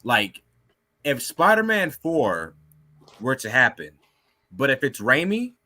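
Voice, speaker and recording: A man co-hosting a podcast with a bright, sharp-edged voice that swings widely in pitch. He talks bluntly and animatedly and swears without a second thought. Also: huge pitch swings, slow. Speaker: podcast co-host. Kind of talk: casual podcast chat.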